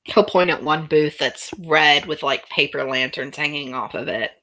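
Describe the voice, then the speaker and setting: A woman's voice: low voice, normal speed, sharp tone. A woman narrating a tabletop role-playing game as game master, in a casual, playful way.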